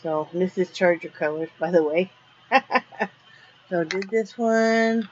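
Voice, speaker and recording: A woman's voice: fairly low pitch, unhurried, dull audio, slight background noise. A woman filming a casual home vlog in her RV, scolding her dogs playfully and rambling through her day with lots of ums. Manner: relaxed rambling daily update with many ums. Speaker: vlogger.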